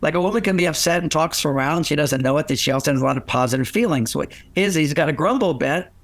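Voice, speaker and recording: An older man giving relationship advice in a lively storytelling way, acting out what people said and laughing often. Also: fairly high pitch, quick pace, no echo. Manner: animated, acts out quoted voices, laughs often. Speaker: relationship author and guest.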